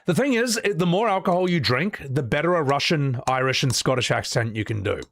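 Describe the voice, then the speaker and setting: A man's voice: on the high side, expressive, brisk, creaky. A man streaming a game and voicing its characters, chatting casually, rambling, swearing freely and joking at his own expense. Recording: loud game music behind.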